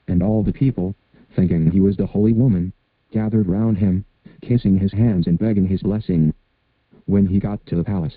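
Low-voiced man reading a fairy tale. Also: dry recording. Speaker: storyteller. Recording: dry, phone-like narrow sound.

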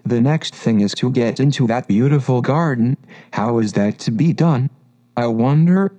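A man's voice: mid-range voice, normal speed, mellow, lightly acted. A man voicing a polite, puzzled little girl in a storybook reading, earnest and a bit indignant. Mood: wondering.

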